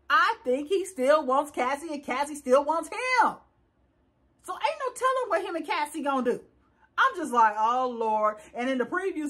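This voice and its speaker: Sassy high-voiced woman recapping reality tv. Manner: sassy, animated, laughing, acts out quotes. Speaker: reality show reviewer. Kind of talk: casual opinionated recap.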